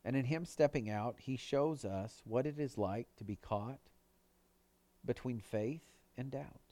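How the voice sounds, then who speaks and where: A man's voice: a little slow, dark tone, dry recording. Earnest man preaching, dry close sound. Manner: earnest preaching, rising for emphasis and dropping low on quoted words. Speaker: pastor. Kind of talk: sermon.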